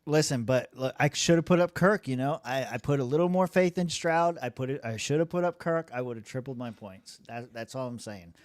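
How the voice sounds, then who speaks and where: This young podcast co-host talks briskly with few pauses in a mid-range voice, recorded dry. He rambles about his fantasy football team, swearing freely and laughing often.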